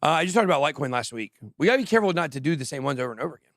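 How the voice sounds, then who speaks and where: A man hosting a casual crypto livestream, talking quickly and jokily, often trailing off mid-thought. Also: fairly high pitch, expressive, fairly bright tone, no echo, studio quality. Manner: rambling, quick, jokey, trails off. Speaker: crypto show host.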